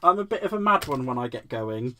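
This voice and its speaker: A man's voice: mid-range voice, very animated, a little fast, a bit bright, slight background noise. A man hosting a live crafting demo. He is giggly and playful, mocks himself and answers viewers' comments as he works. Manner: giggly, playful, self-mocking, reacts to chat comments. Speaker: crafting livestream host.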